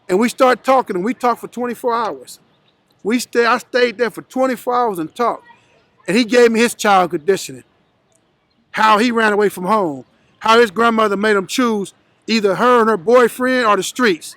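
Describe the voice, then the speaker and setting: High-voiced man telling a blunt story. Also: moderate pace, fairly bright tone, dry recording. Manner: blunt, profane, acts out quoted voices. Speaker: guest telling his life story. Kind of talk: storytelling in an interview.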